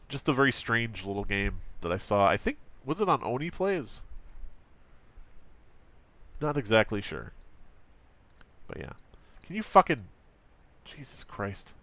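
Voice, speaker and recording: A man's voice: fairly low pitch, a bit bright. A man casually commenting on an old gaming magazine, joking, swearing and using lots of fillers. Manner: profane, joking, frequent fillers. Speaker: let's play host.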